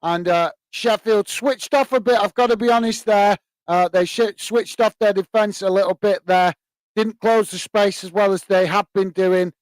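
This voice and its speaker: A man's voice: sits high, steady tone, normal speed, clean tone, dry recording. A man hosting a live football watch-along stream, chatting to viewers and giving loose play-by-play commentary with many fillers. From England. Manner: chatty, many fillers, bursts into shouts at goals. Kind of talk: live match commentary and chat.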